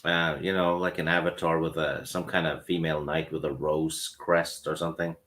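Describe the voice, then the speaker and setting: Very deep-voiced hesitant man. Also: level tone, fairly bright tone. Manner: hesitant, halting, lots of fillers. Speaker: discussion guest. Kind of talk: casual chat.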